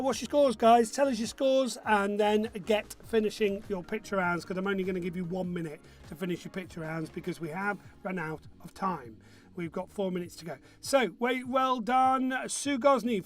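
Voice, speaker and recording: Quiz MC, male, high voice, banter-heavy, faint music underneath. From northern England. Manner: chatty, jokey, reads out scores briskly. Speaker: quiz host. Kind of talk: casual online pub quiz hosting.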